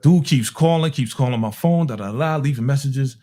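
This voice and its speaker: A man tells a casual story. His voice sits at an everyday middle pitch. He talks in an animated way and puts on the voices of the people in his story, peppered with street slang. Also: brisk. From Harlem, New York. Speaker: music producer telling a story.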